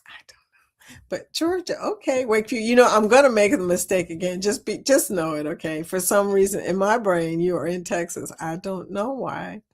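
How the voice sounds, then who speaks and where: Woman host, mid-pitched voice, chatty and quick to laugh while reading comments on a live chat. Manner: chatty, laughs often, keeps saying y'all. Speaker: livestream host. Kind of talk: casual livestream chat, reading viewer comments.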